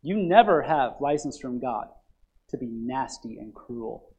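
A man preaching a sermon as pastor, swinging from loud emphatic passages to quiet low ones and asking the congregation to fill in words. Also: lively intonation, a little slow, breathy edge, lo-fi sound.

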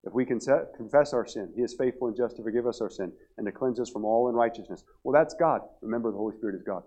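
A middle-aged pastor delivers a revival sermon in church, speaking fast in a mellow, medium-pitched voice. He tells a story with many repeated restarts, captured on dull, lo-fi audio.

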